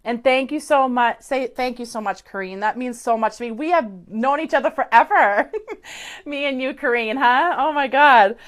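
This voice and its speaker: A woman's voice: sits high, normal speed. A woman psychic medium giving effusive live-stream readings to viewers, chatty and gushing with many fillers, into a webcam or phone mic.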